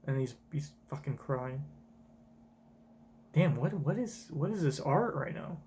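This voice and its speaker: A man's voice: on the high side, expressive, unhurried, long pauses, warm tone, a little hiss or hum. A man reacting live to a manga chapter as a streamer, blunt and swearing often.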